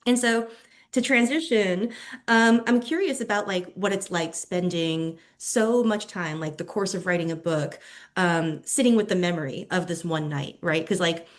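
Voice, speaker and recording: A woman's voice: on the low side, moderate pace. A young woman hosting a podcast interview, building long, thoughtful questions with fillers as she goes. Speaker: podcast host. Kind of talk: casual interview.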